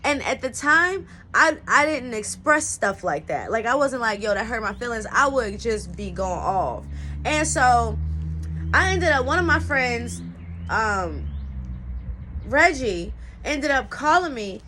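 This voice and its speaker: A woman's voice: a little high, sing-song, slow pace, pushed and bright, a little hiss or hum. A young woman telling a personal story in a casual, slangy style, full of "like" and "you know what I'm saying.". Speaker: storyteller vlogger.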